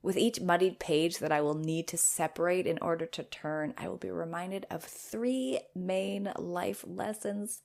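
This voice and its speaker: Playful woman with a gravelly low voice. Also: measured pace, hardly any pauses. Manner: playful, animated, self-amused asides. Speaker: podcast host and coach. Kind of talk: reading her old blog post aloud with commentary.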